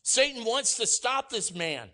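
A man preaching a sermon, energetic and emphatic, swinging from loud exclamations to quiet asides and acting out quoted lines. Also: very high-pitched, unhurried. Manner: acts out quoted voices and jokes with the congregation. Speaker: pastor.

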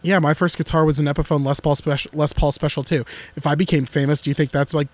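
A man co-hosting a podcast in casual chat, joking and excitable, talking in restless bursts. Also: fairly high pitch, fast talker, no room sound. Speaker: podcast co-host.

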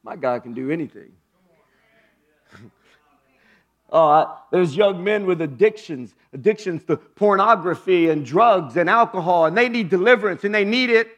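A man preaching a sermon as pastor, moving from low hushed phrases to loud high exclamations. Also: expressive, moderate pace, muffled recording.

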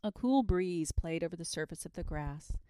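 A woman reading a children's story aloud in a slow, soothing bedtime style. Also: fairly low pitch, animated, warm tone, clean tone, no room sound.

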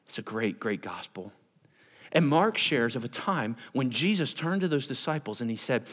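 A man preaching a sermon to his congregation, animated and conversational, acting out Bible characters in everyday voices. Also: medium pitch, moderate pace. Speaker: pastor.

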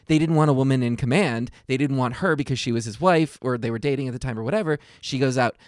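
A man co-hosting a casual podcast chat, telling backstory with animated, acted-out quotes. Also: mid-range voice, fast, dry recording, studio quality. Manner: animated storyteller, acts out quotes in raised voices. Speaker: podcast co-host. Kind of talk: casual chat about a TV show.

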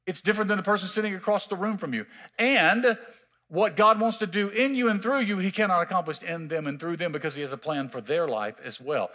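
A man preaching a sermon as pastor in a church, emphatic and drawn-out, repeating his key words. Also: high voice, sharp tone. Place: church sanctuary.

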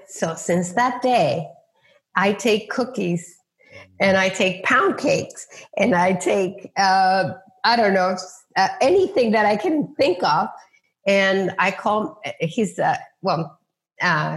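A woman's voice: mid-range voice, animated, slow pace. A middle-aged woman, a real estate agent, telling faith stories in an interview, acting out quoted voices with many restarts. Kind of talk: faith-centered interview storytelling.

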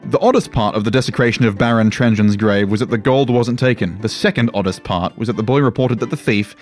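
Over a faint, soft guitar, a man with a fairly low voice narrates a fantasy tale. His storytelling is measured and dramatic.

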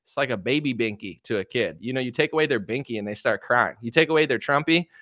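Sarcastic, animated young man ranting. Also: mid-range voice, quick pace, no room sound, studio quality. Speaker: political commentator. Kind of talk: opinionated commentary livestream.

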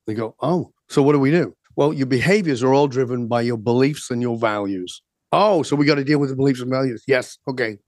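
A man coaching and telling stories with emphatic energy, voicing both sides of quick exchanges. His voice sits at an ordinary middle pitch, and the recording is dry and close. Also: no room sound. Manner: acts out dialogue in quick back-and-forth, emphatic. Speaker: transformation coach, guest. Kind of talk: animated storytelling in conversation.

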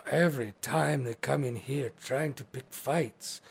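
An eager, hospitable young orc woman who talks in short, broken phrases and keeps pushing food on guests, played by a man. The voice jumps higher and louder than an everyday voice. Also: unhurried, creaky, husky.

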